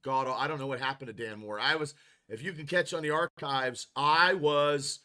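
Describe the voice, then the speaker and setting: A man's voice: medium pitch, moderate pace, sharp tone. A man hosting a casual football podcast, rambling and frustrated, with many restarts as he reads chat comments. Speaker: podcast host.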